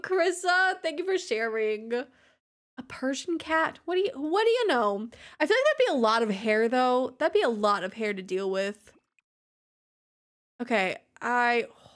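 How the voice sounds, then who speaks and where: A woman streaming a game, chatting casually with her viewers, giggling and cracking crude jokes. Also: fairly high pitch. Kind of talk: casual livestream chat while playing.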